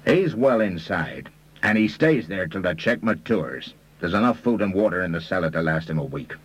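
Man doing a slangy American swindler, low and husky. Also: expressive, no echo, rough recording. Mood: swaggering. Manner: fast-talking slangy swagger. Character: brash American male con man, slangy and scheming.

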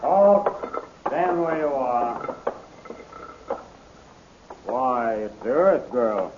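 An actor playing a mocking palace guard with a slow, gloating drawl in a 1930s radio drama. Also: male voice, mid-range voice, expressive, narrow, tinny audio. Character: sneering male palace guard. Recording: scratchy 1930s radio recording.

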